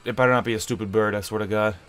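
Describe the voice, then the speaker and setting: A man's voice: on the low side, fairly even intonation, very fast, a bit bright, faint music behind. A young man giving casual, self-mocking commentary while playing a game. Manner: playful, self-mocking, chatty. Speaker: gaming streamer. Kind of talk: casual let's-play commentary. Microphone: webcam and desk mic.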